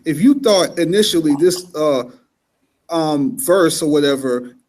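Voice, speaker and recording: Man pressing with quick, higher-pitched questions. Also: animated, a little mellow. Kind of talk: casual debate chat.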